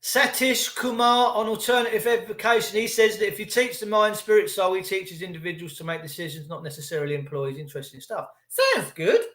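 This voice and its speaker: Middle-aged man, high-pitched, sweary rambling rant host, echoey room. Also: lively intonation, a little fast, few pauses, fairly bright tone. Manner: profane, sarcastic, rambling. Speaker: livestream host. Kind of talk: ranting live monologue.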